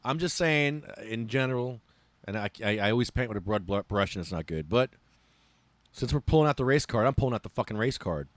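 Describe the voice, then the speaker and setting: A man hosting a podcast, ranting in a casual, profane and animated way. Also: mid-range voice, quick pace, no echo. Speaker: podcast host.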